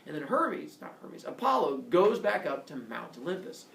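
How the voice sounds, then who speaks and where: A man's voice: fairly high pitch, very animated, normal speed, gravelly, fairly bright tone, far from the mic. A male teacher animatedly telling myths to his class and acting out the characters, recorded from afar in a classroom. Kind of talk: classroom myth storytelling. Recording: roomy classroom heard from afar.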